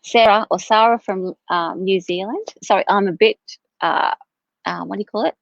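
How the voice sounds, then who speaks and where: A woman's voice: medium pitch, moderate pace, creaky, slight background noise. A tired woman giving a live-streamed tarot reading in a chatty, rambling way, often correcting herself. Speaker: tarot reader. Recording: dull, dry lo-fi stream audio.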